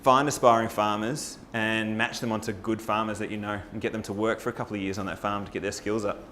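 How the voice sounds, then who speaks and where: Male presenter, low register, upbeat persuasive forum pitch. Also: quick pace, slight background noise. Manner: energetic, rallying, with rhetorical questions to the audience. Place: live talk at a farming forum.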